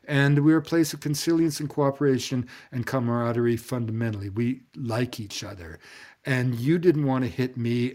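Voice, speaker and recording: A man speaking as an interview guest, telling stories in an eloquent, sweeping way that trails off softly at the ends of phrases. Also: medium pitch. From Canada. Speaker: guest anthropologist. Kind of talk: reflective storytelling in an interview.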